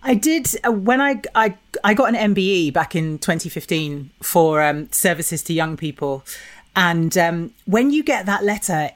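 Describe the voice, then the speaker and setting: A woman guest on a podcast, telling stories in a giggly, animated casual chat. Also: medium pitch.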